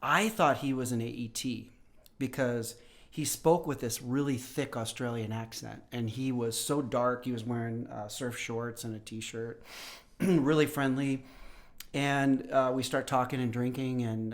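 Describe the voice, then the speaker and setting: A man in his fifties, a professor and podcast guest, telling stories in casual conversation and clearing his throat now and then. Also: medium pitch. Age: 50s. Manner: storytelling, often clears throat.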